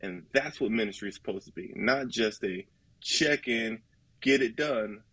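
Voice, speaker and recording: A man's voice: lowish voice, moderate pace, fairly bright tone, breathy edge, no echo, rough recording. A man in casual podcast talk about ministry, earnest and folksy, acting out little dialogues. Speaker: ministry leader guest.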